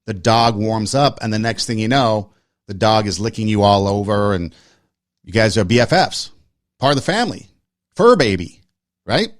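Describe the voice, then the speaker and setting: A podcast host with a lowish voice and lively intonation tells a personal story at a moderate pace, in clean studio sound with no room echo. He's earnest and casual, repeating phrases for emphasis and speaking in short, list-like phrases.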